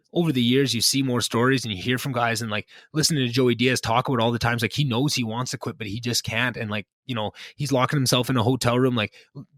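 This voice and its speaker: A young man hosts a relaxed catch-up podcast, speaking quickly. His tone is earnest and reflective, full of fillers and restarts. The recording is close and dry, with little room sound. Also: medium pitch, no room sound. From Canada. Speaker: podcast host. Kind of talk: casual catch-up chat.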